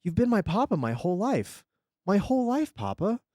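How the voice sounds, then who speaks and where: A man's voice: high voice, sing-song, normal speed, dark tone, no echo, studio quality, pitched above the performer's own voice. A man voicing a frightened nine-year-old boy who speaks with a Russian accent and pleads plaintively. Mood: pleading.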